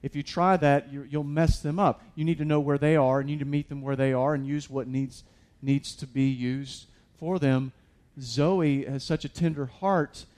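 A man's voice: mid-range voice, fairly even intonation, moderate pace, few pauses, darkish tone. A man preaching a sermon as a pastor, conversational with many fillers and restarts, building to emphatic peaks.

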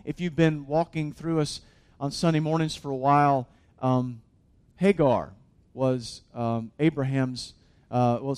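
A man's voice: mid-range voice, clear, resonant tone. A man, a pastor, preaching a sermon in an earnest, conversational way.

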